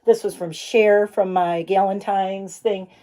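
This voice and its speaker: Speaking from her home studio office, this middle-aged vlogger talks to her phone camera in an earnest, casual way, with occasional tender moments. She has a dark, medium-pitched voice with fairly even intonation and an unhurried delivery.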